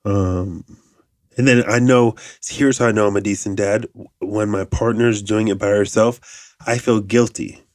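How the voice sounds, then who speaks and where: Podcast host in his 30s, low-pitched man, loose profane monologue, dry booth sound. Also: measured pace, dry recording. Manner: profane, rambling, animated asides. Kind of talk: casual monologue.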